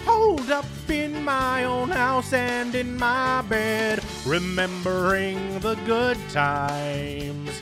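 A man singing a slow comic song as a rock star on a home live stream, with guitar backing. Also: very high voice, exaggerated voice. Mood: laid-back.

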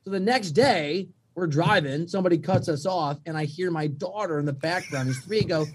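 Lively storytelling man, higher voice. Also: moderate pace, hardly any pauses, slight background noise. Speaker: guest, sports radio host. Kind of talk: casual podcast chat.

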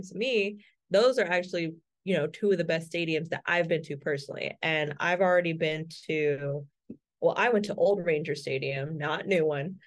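Blunt, low-voiced woman in casual banter. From California. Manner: blunt, laughs often, swears casually. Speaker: podcast co-host.

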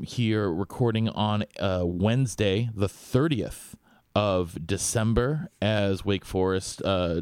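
A man with a fairly low voice hosts a casual college football podcast, relaxed and conversational as he turns questions over to his co-host. The sound is dry and close, with almost no room around it. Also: clean tone, dry recording. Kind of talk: casual sports chat with ad read.

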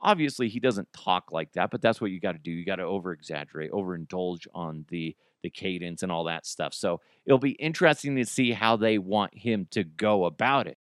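A man's voice: deep voice, brisk, hardly any pauses, no room sound. Guy doing a solo podcast, jokey and self-deprecating, dry studio sound. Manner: joking, self-deprecating, laughs often. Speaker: podcast host. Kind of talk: casual solo podcast monologue.

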